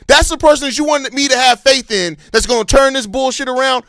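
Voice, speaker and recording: Fired-up, high-voiced sports podcast man. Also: brisk, hardly any pauses, dry recording, clean studio sound. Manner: impassioned, heavily profane ranting; calmer, apologetic stretches between outbursts. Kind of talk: live-stream sports fan commentary.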